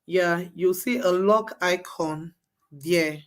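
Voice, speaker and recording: Woman, bootcamp instructor, unhurried delivery, repeats every step patiently. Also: lowish voice. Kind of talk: live class walkthrough.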